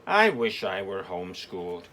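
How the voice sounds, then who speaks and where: A man's voice: low voice, sing-song, moderate pace, bright, forceful tone, a little hiss or hum, pitched below the performer's own voice, exaggerated voice. A man reading a storybook aloud, voicing a curious, thoughtful young girl. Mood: wistful.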